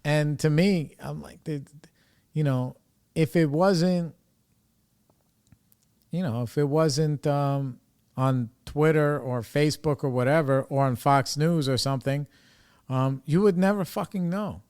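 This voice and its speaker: A man's voice: fairly high pitch, fairly even intonation, slow, pauses often, darkish tone, clear, resonant tone. Rambling New York man, casual and profane. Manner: rambling, loose and profane, full of "you know" and "like". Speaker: recovery podcast host.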